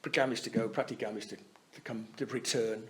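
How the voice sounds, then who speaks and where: A man's voice: lowish voice, fairly even intonation, brisk. A man teaching at a Buddhist centre, giving a chatty, explanatory talk and often checking in with his listeners. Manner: conversational, keeps checking in with "yeah?".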